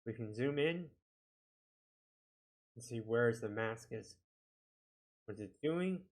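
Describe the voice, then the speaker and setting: A man giving a casual software tutorial, talking himself through each click with a chatty, self-deprecating manner. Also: medium pitch, lively intonation, slow pace. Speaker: video editing instructor.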